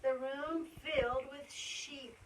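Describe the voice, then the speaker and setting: A woman reading a rhyming picture book aloud in a sing-song, animated way, in a school library. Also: sits high, slow, slight background noise. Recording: distant mic.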